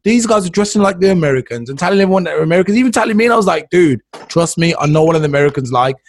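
A man's voice: a little high, animated, rapid-fire, slight background noise. A man hosting a casual podcast chat, rambling with laughs in between. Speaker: podcast host.

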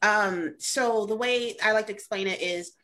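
A woman's voice: mid-range voice, measured pace, fairly bright tone, poor audio. A woman in a casual group discussion, explaining history at length. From United States. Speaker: discussion participant.

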